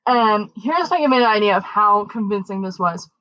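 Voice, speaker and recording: A young woman co-hosting a podcast, telling a story casually and acting out the quoted voices with big jumps in pitch. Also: animated, moderate pace, fairly bright tone, no echo. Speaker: podcast co-host. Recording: dull, dry lo-fi mic.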